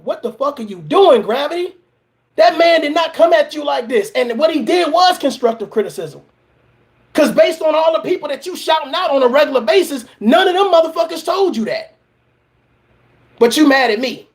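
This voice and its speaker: Brief: high-voiced man, blunt and preachy, ranting in a reaction vlog. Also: expressive, a little fast. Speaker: reaction vlogger and motivational coach. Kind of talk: profane reaction rant.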